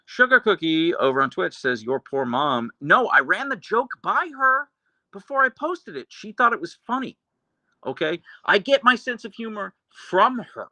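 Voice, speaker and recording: A man hosting a live stream, reading chat messages aloud in a dry, deadpan, casual way. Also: sits high, normal speed, dry recording. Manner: chatty, earnest, with restarts and laughs. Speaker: livestream host reading chat.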